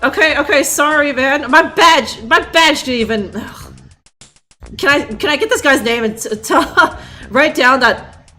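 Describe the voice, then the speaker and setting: In no hurry, a woman streamer laughs her way through rambling, sarcastic live commentary on a game. Her voice is bright and high with big pitch swings, backed by faint game music.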